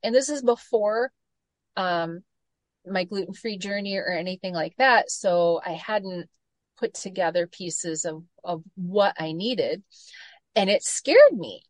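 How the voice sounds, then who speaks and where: A woman in her forties, a gut health coach, telling stories with lively acted-out quotes in a casual interview. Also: mid-range voice, slow, no room sound. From Michigan, United States. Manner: animated storytelling, acts out quoted voices.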